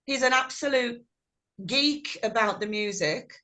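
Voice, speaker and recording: A middle-aged woman, a singer, tells stories during a video call interview, acting out quotes with animation. Her voice is slightly high and a bit slow, and her storytelling is lively and warm.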